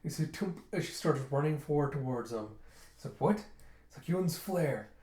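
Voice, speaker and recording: A man casually retelling a manga chapter for his readers, slipping into quick voices for the characters. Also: a little high, expressive, a little mellow, reverberant. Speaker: manga reviewer reading aloud.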